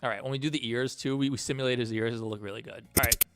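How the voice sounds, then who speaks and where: A man's voice: medium pitch, steady tone, fast talker, a bit bright, faint music behind. A man livestreaming while he builds a game, chatting and thanking donors as he works. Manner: rambling, thanks donors mid-work. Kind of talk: casual livestream chat.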